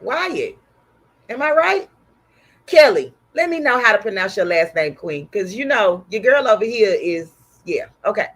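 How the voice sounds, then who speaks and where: A woman's voice: mid-range voice, sing-song, moderate pace. Texan woman with sore throat. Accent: Texas. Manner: chatty, greets viewers warmly by name. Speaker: embroidery livestream host. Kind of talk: casual livestream chat with viewers.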